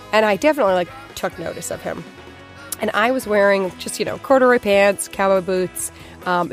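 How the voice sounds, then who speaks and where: A woman in her thirties from Boston, telling a personal story in a chatty, animated way, full of "like" fillers. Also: medium pitch. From Boston, USA. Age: 30s.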